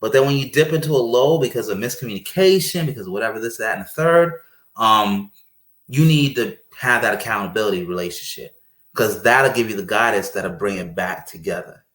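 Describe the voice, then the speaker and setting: A man talking casually about marriage and faith, telling stories and acting out quoted speech with lively energy. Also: lowish voice, brisk. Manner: animated storyteller, acts out quoted speech. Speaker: guest speaker on marriage. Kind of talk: casual conversational preaching. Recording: roomy echo.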